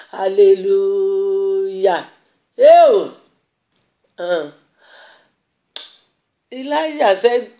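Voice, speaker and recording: A woman's voice: medium pitch, darkish tone. A woman pastor with a Nigerian accent preaching a sermon, repeating phrases emphatically with bursts of exclamation and dramatic storytelling. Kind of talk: sermon with prayer.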